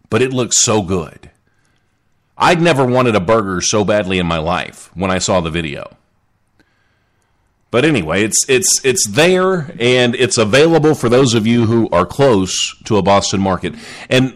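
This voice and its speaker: Animated joking male podcast host. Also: on the low side, normal speed. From Southern United States. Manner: joking, chatty, reads listener chat aloud. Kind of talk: casual live podcast chat.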